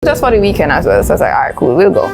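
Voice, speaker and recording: A woman recounts a story in a loose, chatty way, laughing now and then. Music plays clearly under her voice. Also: mid-range voice, sing-song, racing. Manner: chatty, laughing while telling. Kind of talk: casual storytelling.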